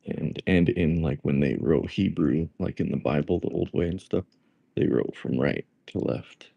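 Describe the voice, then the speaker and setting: A man chatting casually on a livestream from a library, relaxed and halting as he thinks aloud. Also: very deep voice, gravelly, breathy edge, no echo, lo-fi sound. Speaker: livestream host. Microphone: tablet.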